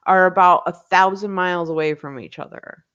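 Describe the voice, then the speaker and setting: A woman's voice: fairly low pitch, normal speed, a bit bright, smooth, highs cut off. A woman co-hosting a casual stream chat, playfully indignant and dramatic. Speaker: co-host.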